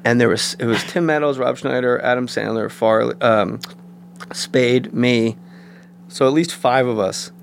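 A man's voice: mid-range voice, a little slow, creaky, a little hiss or hum. A man, a guest comedian, telling anecdotes in casual chat and slipping into voices. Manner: animated anecdotes with put-on voices.

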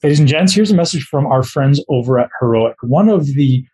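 Husky guy doing a podcast sponsor read, upbeat and informal. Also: mid-range voice, lively intonation, brisk, mellow, poor audio. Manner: enthusiastic, informal. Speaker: podcast host.

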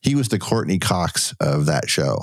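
A man's voice: sits low, big pitch swings, moderate pace, no echo, studio quality. A man co-hosting a podcast in casual chat, rambling and loose, with restarts and cursing. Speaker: podcast co-host.

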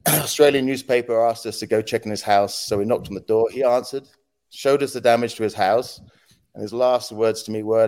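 With a fairly low voice at normal speed, a former news agency head tells animated anecdotes as a guest in a casual podcast interview. He performs quotes and sound effects and laughs often.

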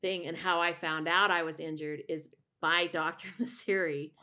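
A woman's voice: deep voice, steady tone, moderate pace, pushed and bright. A middle-aged woman, a voice teacher and singer, telling a personal story candidly in a rambling way with many restarts.

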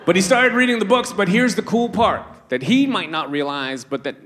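A male stand-up comedian performing a set, animated and laughing at his own asides. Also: high voice, moderate pace. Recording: noisy live club recording.

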